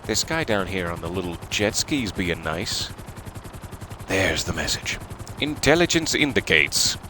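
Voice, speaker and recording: A man's voice: sits low, measured pace. A man giving casual, playful gameplay commentary as a game streamer, chatting and joking. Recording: game gunfire noise behind.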